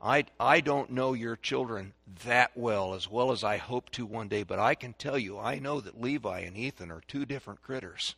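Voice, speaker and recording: An older man giving a folksy, sermon-style talk on raising children, animated, acting out stories and drills. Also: mid-range voice, moderate pace, creaky, few pauses, breathy edge, dry recording. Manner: animated storyteller, shouting drills to kids. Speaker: speaker on parenting.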